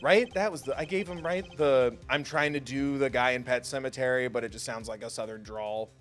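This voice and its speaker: A man's voice: medium pitch, a little fast, fairly bright tone, faint music behind. A man streaming a game live, chatting and joking with viewers in a self-mocking way. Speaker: gaming streamer.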